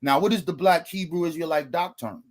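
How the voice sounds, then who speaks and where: A man's voice: on the high side, a little fast. A man giving a debate opening statement, lecturing and asking rhetorical questions.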